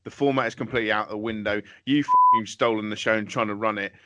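A man's voice: lowish voice, quick pace, sharp tone, slight background noise. A man co-hosting a comedy podcast, ranting in an exasperated, sweary way. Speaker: podcast co-host. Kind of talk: casual comedy podcast banter.

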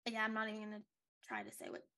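A woman's voice: medium pitch, very animated, quick pace, sharp tone. A young woman co-hosting a podcast, chatting casually and rambling with lots of likes and restarts. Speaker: podcast co-host. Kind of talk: casual recap chat.

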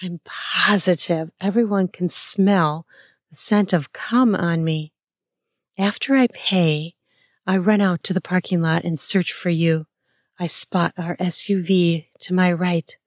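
A woman narrates an intimate first-person erotic story at a languid, unhurried pace. Her voice sits slightly low, breathy and playful, dotted with soft laughs and gasps. The recording is close and dry, with no room sound. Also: steady tone, no room sound.

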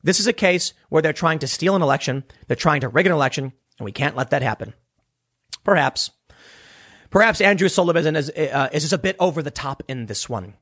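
A man's voice: on the high side, animated, fairly quick, a bit bright, husky. A man giving opinionated political commentary, emphatic and sarcastic, often restarting his words.

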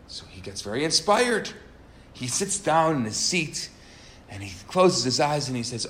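Man, sermon, earnest, emphatic, middle pitch, tells stories. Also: animated, normal speed, fairly bright tone. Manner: earnest, emphatic, varies pitch and pace for stress. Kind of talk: sermon with storytelling.

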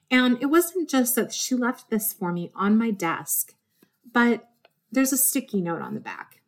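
A woman hosting her own podcast, talking earnestly from the heart and getting teary, in a loose rambling monologue. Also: mid-range voice. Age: adult with a desk job. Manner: warm, earnest, easily moved to tears. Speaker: podcast host.

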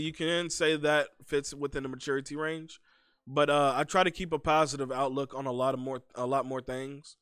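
A man in an easygoing podcast chat with friends, his voice at an ordinary middle pitch. He drifts along unhurried, circling back with "you know" and "uh", and swears casually. Soft music sits faintly in the background. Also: clear, resonant tone, dry recording. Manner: laid-back, rambling with many fillers, swears freely. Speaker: podcast co-host.

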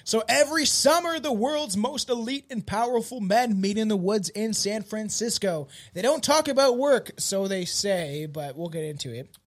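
A man's voice: high voice, lively intonation, normal speed. A man hosting a casual comedy podcast, crude and joking, rambling with frequent restarts. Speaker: podcast host.

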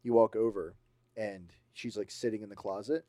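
A man co-hosting a casual podcast, telling scary stories in an animated way and acting out sounds and voices. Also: on the low side, moderate pace, no echo. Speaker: podcast co-host. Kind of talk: casual chat.

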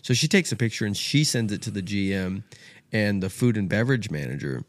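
A man's voice: on the low side, animated, fairly quick, dry recording. A man, a podcast guest telling a rowdy story in casual chat, acting out the people he quotes and swearing freely. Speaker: podcast guest, golf apparel co-founder.

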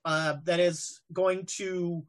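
A woman's voice: fairly low pitch, flat delivery, slow pace. A woman narrating a tabletop game as game master, hesitant and full of fillers.

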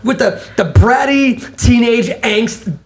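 Animated male co-host in casual chat, keeps slipping into quoted voices. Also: very high voice, takes it slowly. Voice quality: animated, swearing, acts out quotes. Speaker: podcast co-host.

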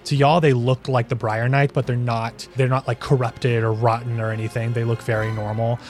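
A man's voice: medium pitch, flat delivery, normal speed, darkish tone. Male game master, casual loose narration, music playing behind. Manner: loose and searching, with many fillers.

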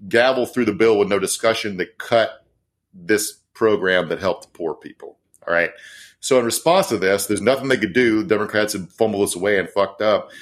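This podcast co-host has a fairly low, slightly bright voice. He gives casual political commentary that's profane and sarcastic, rambling along with plenty of fillers.

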